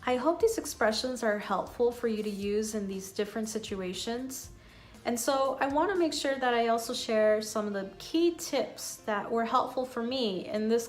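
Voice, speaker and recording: Woman teaching phrases slowly and clearly. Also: mid-range voice. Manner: slow, clear modelling of phrases. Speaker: English teacher. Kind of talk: scripted lesson.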